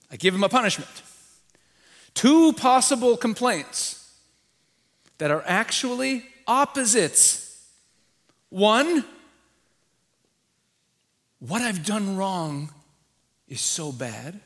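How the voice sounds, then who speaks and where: A man with a high-pitched voice preaches a sermon as a visiting rabbi. He teaches with animated emphasis and acts out the voices he quotes.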